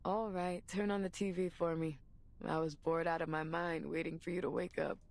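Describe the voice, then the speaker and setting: A woman voicing a blunt, teasing woman instructor in a hospital bed, talking in curt, gruff lines. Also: fairly low pitch, flat delivery, normal speed, voice pushed down, close to an everyday voice. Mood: teasing, bored.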